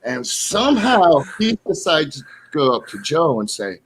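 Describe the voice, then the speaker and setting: Animated man acting out stories. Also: on the high side, unhurried, husky. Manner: animated storyteller who acts out dialogue. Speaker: podcast co-host and wrestler. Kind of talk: casual podcast storytelling.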